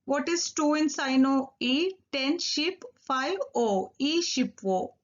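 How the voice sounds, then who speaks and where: A woman teaching a recorded Korean lesson, repeating each word slowly and drilling syllables one by one. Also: high-pitched, lively intonation, lo-fi sound.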